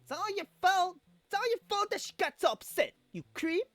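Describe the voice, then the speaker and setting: A man voicing an excitable, high-strung young male soldier in a shrill, frantic voice while playing a game. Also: moderate pace, no echo, heavily acted. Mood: angry.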